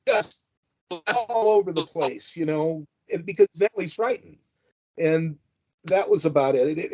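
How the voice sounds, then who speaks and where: An older man tells amused, rambling stories in a somewhat high voice, full of "uh" and "you know." He has the easy manner of a guest reminiscing. The audio is dull and lo-fi. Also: a little mellow. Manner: rambling, amused, many fillers. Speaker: guest, former wrestling manager. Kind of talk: anecdotal storytelling.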